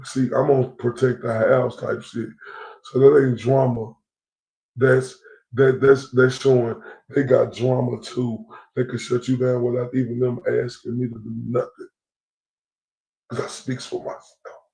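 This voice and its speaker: A man's voice: medium pitch, level tone, unhurried, creaky, mellow, reverberant, low-quality recording. A man hosting a casual livestream, rambling and repeating himself in heated slangy talk. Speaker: livestream host.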